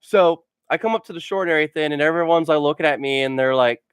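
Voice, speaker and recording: A man's voice: fairly high pitch, quick pace, clean tone, no room sound, studio quality. Rambling man telling funny stories. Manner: rambling, full of "like" fillers; laughs at his own stories. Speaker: gaming channel host. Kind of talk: casual storytelling vlog.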